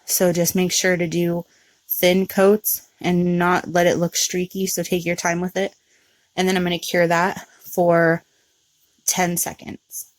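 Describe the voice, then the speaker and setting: A woman hosting a nail art tutorial, talking through each step in a relaxed, chatty way with frequent ums. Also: lowish voice, measured pace, dry recording. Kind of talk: casual step-by-step tutorial narration.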